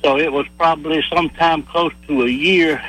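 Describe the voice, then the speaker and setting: A man's voice: a little high, steady tone, moderate pace, a bit bright. A man calling a radio show, plain-spoken and a little hesitant. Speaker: caller. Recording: phone line with hum.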